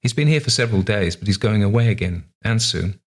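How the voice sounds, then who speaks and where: A man's voice: lowish voice, lively intonation, fast. A man voicing a strange, dreamy old woman in a tower who talks cryptically, half to herself, in an audiobook reading. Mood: cryptic.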